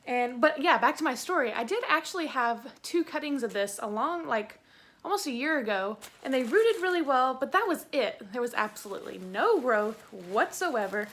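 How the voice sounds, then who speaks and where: A young woman from Tennessee with a Southern accent, chatting excitedly through a plant unboxing on her vlog. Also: high-pitched, moderate pace, a little hiss or hum. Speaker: plant YouTuber.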